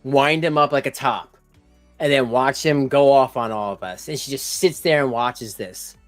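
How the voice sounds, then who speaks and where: A man's voice: mid-range voice, normal speed, no room sound, soft background music. Rambling male streamer reacting live, dry close-mic sound, mid-range voice. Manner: rambling, full of "you know" and "like", chatty asides to chat. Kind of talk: casual live-stream commentary.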